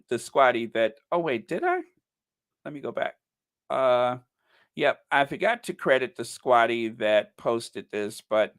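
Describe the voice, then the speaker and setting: A man with a voice of middling pitch, talking through a loose, rambling commentary rant. He mocks and needles his targets with dry sarcasm, circling back and repeating his jabs as he goes. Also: a bit bright, clear, resonant tone. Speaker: commentary channel host.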